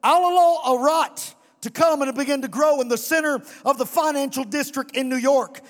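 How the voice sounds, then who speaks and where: A male pastor preaching a fiery sermon to a congregation, sometimes shouting and chanting his lines. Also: very high voice, normal speed, big-room sound. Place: church sanctuary.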